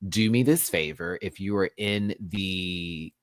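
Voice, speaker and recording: Here a man gives a laid-back live review of a drag show, sassy and animated, alternating loud outbursts with quiet mutters and throwing in some swearing. He speaks slowly, with no echo.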